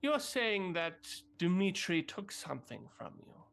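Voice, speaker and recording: A man voicing an eerie old female witch who speaks slowly and quietly in a low murmur. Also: big pitch swings, gravelly, full character voice. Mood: stern. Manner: slow, low, murmuring delivery.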